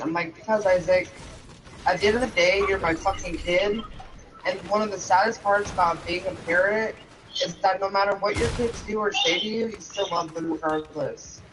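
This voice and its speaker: A man with a high-pitched voice tells a story in casual, profanity-laced speech that stays emotional throughout. Loud background noise sits behind his voice. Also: steady tone, moderate pace. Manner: heavily profane, emotional retelling. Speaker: parent and game streamer.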